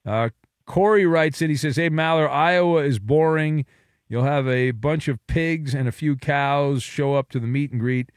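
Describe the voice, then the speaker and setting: A man's voice: fairly high pitch, moderate pace, no room sound, studio quality. A man hosting a sports talk radio show, teasing his callers with jokes. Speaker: radio host. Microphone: studio mic.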